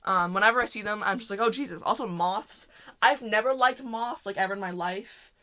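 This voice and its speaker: A woman's voice: mid-range voice, a little fast, pushed and bright. Young adult woman, solo podcast host, casual chatty storyteller who rambles and laughs a lot.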